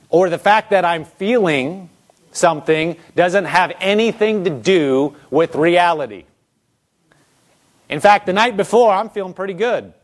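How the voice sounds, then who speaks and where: A man preaching a conversational sermon, asking lots of rhetorical questions and acting out people's thoughts. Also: sits high.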